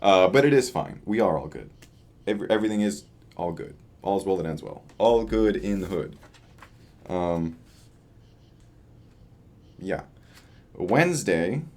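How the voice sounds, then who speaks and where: A tired young man, short on sleep, chats loosely to a camera facing him in a casual video diary, using lots of fillers. His voice is deep and darkish, very animated, a little slow, with frequent pauses.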